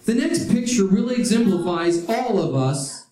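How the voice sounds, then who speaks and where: High-voiced man preaching in an echoey hall. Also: lively intonation, normal speed, mellow. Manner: storytelling, humorous asides. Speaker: pastor. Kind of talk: sermon.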